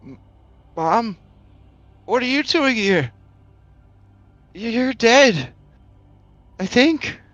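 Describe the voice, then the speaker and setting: A man's voice: mid-range voice, takes it slowly, pauses often, a bit bright, dry recording, highs cut off, pitched above the performer's own voice. A man voicing a frightened goblin alchemist trapped in a tank, who stammers nervously. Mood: fearful.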